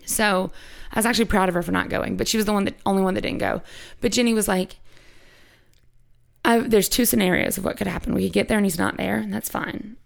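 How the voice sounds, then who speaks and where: Woman podcast host, gravelly fry, loose rambling storyteller who swears freely. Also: medium pitch, steady tone, fast talker. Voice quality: creaky. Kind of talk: casual chat, personal storytelling.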